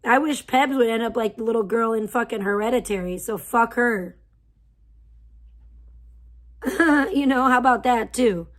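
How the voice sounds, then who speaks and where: A woman's voice: a little high, measured pace, long pauses. A woman hosting a livestream, ranting heatedly with constant swearing and insults. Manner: profane, heated, venting. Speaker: livestream host. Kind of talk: angry livestream rant.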